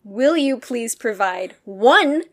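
A woman co-hosting a podcast in casual chat, excitable and jokey, often apologizing with a laugh. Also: a little high, slow. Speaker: podcast co-host.

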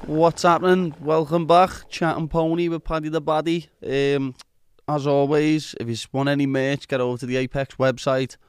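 A man's voice: a little high, level tone, moderate pace, slight background noise. A man with a Scouse accent hosting a podcast, chatty and informal, calling people "lad". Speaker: podcast host. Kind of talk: casual interview chat.

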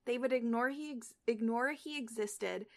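A young woman with a high, darkish voice at a moderate pace reads fan fiction aloud as a co-host on a casual podcast. She slips and restarts now and then, and breaks off into chat full of "like."

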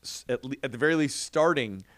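Brisk and medium-pitched, this middle-aged man co-hosts a podcast, with no room sound in the recording. He tells family stories in a casual, animated way, laughing frequently.

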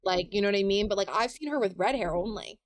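Podcast guest, female tarot reader, relaxed, close dry mic. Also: medium pitch, fast, no echo. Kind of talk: casual chat.

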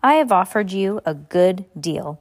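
A woman's voice: medium pitch, expressive, unhurried. A woman voicing a bossy, greedy male mill owner in a storybook reading, brusque and dismissive.

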